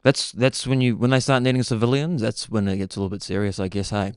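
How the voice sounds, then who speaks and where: A man's voice: on the low side, little pitch movement, fast talker, clean tone, dry recording, studio quality. Laid-back man rambling on a podcast. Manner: laid-back, meandering, peppers speech with "bro". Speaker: podcast host. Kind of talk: casual rambling monologue.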